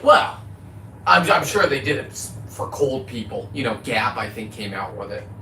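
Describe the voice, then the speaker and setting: A middle-aged man talking casually on his livestream, rambling from topic to topic in a loud, profane, boisterous way. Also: mid-range voice, animated, normal speed, roomy sound, a little hiss or hum. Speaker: livestreaming content creator.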